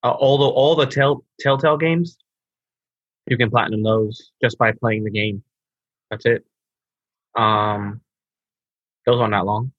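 A man's voice: mid-range voice, fairly even intonation, unhurried, long pauses, a bit bright, dry recording. A laid-back man co-hosting a casual gaming podcast, chatting and reading a listener's message. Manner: laid-back, says bro, slurs over restarts. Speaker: podcast co-host. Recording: dull lo-fi mic.

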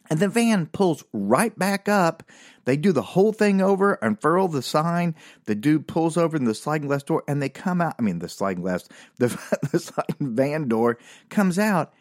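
A man's voice: a little high, dry recording, clean studio sound. A man casually telling a rambling, funny anecdote, laughing now and then. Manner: animated, rambling, laughs at his own story. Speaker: storyteller.

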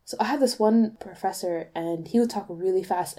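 A young woman co-hosting a casual podcast, an animated storyteller who jumps between tangents. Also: mid-range voice, normal speed. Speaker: podcast host.

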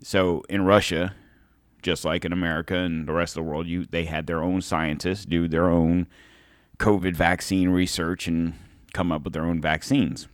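Man, deep voice, rambling heated commentary, sarcastic, dry close sound. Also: flat delivery, normal speed, no room sound. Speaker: show host. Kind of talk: political commentary monologue.

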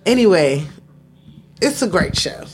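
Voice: mid-range voice, big pitch swings, unhurried. A middle-aged podcast co-host and parent in casual chat, easygoing, mostly answering in short interjections.

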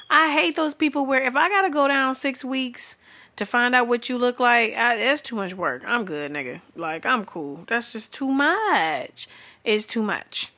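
A woman's voice: on the high side, animated, measured pace, bright, forceful tone. A woman ranting bluntly and profanely in an unscripted comedic monologue, sounding exasperated and often laughing. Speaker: vlogger.

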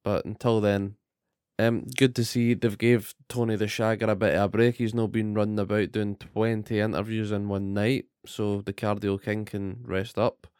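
Man, podcast co-host, sweary ranting, low-pitched, smooth voice. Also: level tone, normal speed, darkish tone, no room sound, studio quality. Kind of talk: casual wrestling recap.

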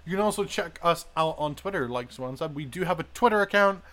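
A man's voice: on the high side, animated, brisk, crowd noise. A man co-hosting a podcast, chatting playfully with fillers and trailing asides. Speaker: podcast co-host. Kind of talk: casual chat.

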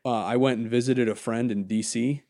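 Dude on a podcast rambling thru stories, swears a lot, close dry mic. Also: male voice, mid-range voice, a little fast, dry recording. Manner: animated, swearing, rambling storyteller. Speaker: podcast co-host. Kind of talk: casual podcast chat.

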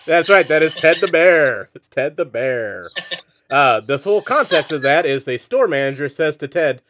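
A man's voice: fairly high pitch, expressive, moderate pace, a bit bright. A man hosting a comedy game segment on a podcast, playful and jokey, laughing often. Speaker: game show host.

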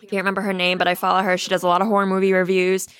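A woman co-hosting a podcast, casually recounting a horror film in a lively, profane way. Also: mid-range voice, racing, smooth. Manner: animated storyteller, swears freely, laughs while talking. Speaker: podcast co-host. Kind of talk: casual chat.

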